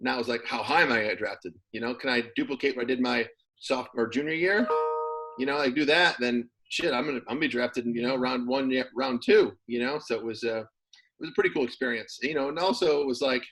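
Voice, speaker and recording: A man talks in a relaxed, meandering way as an interview guest, leaning on plenty of fillers. His pitch sits in the middle range, and he keeps an easygoing conversational pace. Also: fast talker, rough recording. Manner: relaxed, rambling with many fillers. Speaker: former pro football player, guest. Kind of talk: casual interview.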